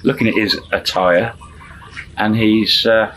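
Man, very low voice, chuckling storyteller, faint background hiss. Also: steady tone, slow pace, a bit bright, poor audio. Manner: chuckling, acts out dialogue in shifting voices. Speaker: storyteller channel host. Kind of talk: casual spoken storytelling.

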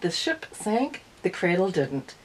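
Woman doing a bossy storybook pirate girl, husky, animated. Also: on the low side, unhurried, low-quality recording. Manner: commanding, brash.

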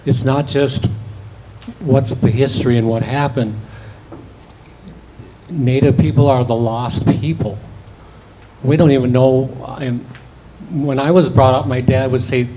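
A man's voice: mid-range voice, steady tone, a little slow, mellow, a little hiss or hum, rough recording. A man from Minnesota speaking from the audience into a handheld microphone, talking hesitantly and restarting his sentences. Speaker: audience member. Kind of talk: halting comment from the floor.

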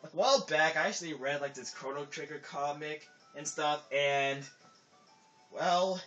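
A man's voice: on the high side, normal speed, fairly bright tone. A man casually commenting on his gameplay in a slightly raised voice, rambling through explanations full of filler words. The recording is dull and lo-fi, with faint game music running behind him. His thoughts often trail off before he finishes them. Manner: rambling, filler-heavy, trails off mid-sentence. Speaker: let's play commentator.

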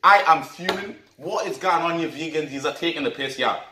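Geordie guy ranting and swearing, bit high voice, sounds far off the mic in an echoey room. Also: fairly quick, sharp tone, a little hiss or hum. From Africa. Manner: angry, profane ranting. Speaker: comic vlogger. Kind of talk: comic rant.

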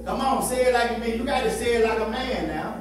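A man with a Southern US accent preaching a call-and-response sermon as pastor, exhorting in rhythmic, drawn-out phrases. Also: extremely high pitch, background noise. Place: church sanctuary. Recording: echoey church hall from far off with congregation.

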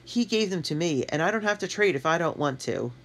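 A woman's voice: fairly low pitch, lively intonation, a little fast, slight background noise, voice pushed up. A woman reading aloud and voicing a stubborn, teasing little girl in a storybook. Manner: singsong taunting.

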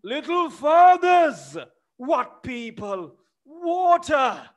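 A man's voice: very high voice, very animated, extremely slow, pitched above the performer's own voice, heavily acted. A man reading aloud as a frail, panicky old male servant who wails and gasps for breath in a play reading. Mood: panicked.

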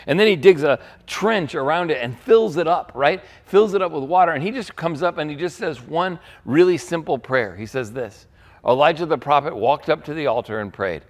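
A man, a pastor, preaching a sermon with animated storytelling, acting out quoted lines. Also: on the high side, a little fast.

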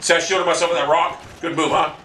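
A man commentating his own shooter game match, ranting, swearing and yelling in frustration. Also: on the high side, flat delivery, quick pace, background noise. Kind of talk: live gameplay commentary. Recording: roomy, distant mic with loud game gunfire.

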